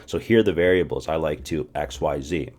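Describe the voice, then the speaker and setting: A man teaching a casual spoken lesson, drilling short phrases, asking the listener to repeat after him and often clearing his throat. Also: a bass voice, fairly quick. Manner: animated, drills phrases and asks viewers to repeat. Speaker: language teacher.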